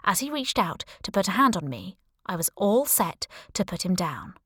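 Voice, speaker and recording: A woman narrating a first-person audiobook with a wry, breezy touch and a middle-pitched voice. The recording is dry and close, with no room around it. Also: very animated, moderate pace, fairly bright tone, breathy edge, no room sound.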